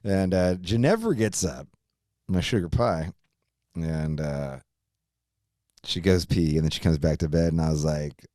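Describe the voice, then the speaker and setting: A deep-voiced man in his fifties hosts a podcast and tells a rambling personal story, full of swearing and frequent laughter. The sound is dry and close, with no room around it. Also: unhurried, long pauses, mellow, dry recording. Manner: rambling, profane, laughs often. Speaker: podcast host. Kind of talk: casual storytelling chat.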